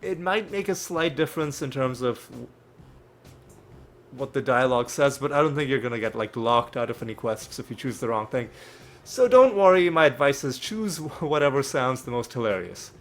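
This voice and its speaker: A man's voice: mid-range voice, animated, moderate pace. A man playing a video game and chatting casually about it, often laughing and restarting words. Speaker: gaming channel host.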